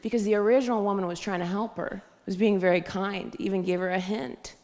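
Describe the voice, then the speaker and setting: A young adult woman doing a stand-up set on stage, telling stories deadpan and slipping into squeaky voices for quoted people. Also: fairly quick. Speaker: stand-up comedian. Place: live comedy stage, audience laughter. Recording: live stage mic in a hall.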